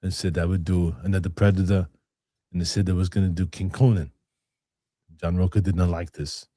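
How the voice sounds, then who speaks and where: A man's voice: low voice, little pitch movement, fairly quick, warm tone, no room sound, studio quality, pitched below the performer's own voice. A man doing a stubborn old Austrian action star. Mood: boastful. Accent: Austrian, put on. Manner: clipped, heavy-accented, defiant. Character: boastful aging male action star, stubborn.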